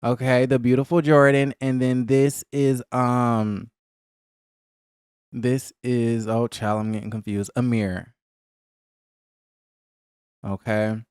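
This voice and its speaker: Gossipy man, smooth and clear, on a dry, close mic. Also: slow pace, pauses often, dry recording. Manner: gossipy and animated, acting out cast members in a higher voice. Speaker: reality TV recap vlogger. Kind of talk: casual chat.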